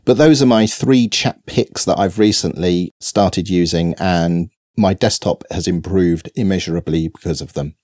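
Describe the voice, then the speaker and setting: A man co-hosting a podcast, chatting casually and enthusiastically about software he loves. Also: low voice, moderate pace, hardly any pauses. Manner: enthusiastic, effusive. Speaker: podcast co-host. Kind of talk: casual tech chat.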